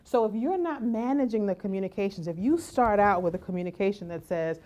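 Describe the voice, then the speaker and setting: A woman giving a lively conference talk as keynote speaker, often asking "right?" and acting out the voices she quotes. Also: medium pitch, fairly quick, few pauses. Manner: animated, acts out quoted voices, rhetorical "right?".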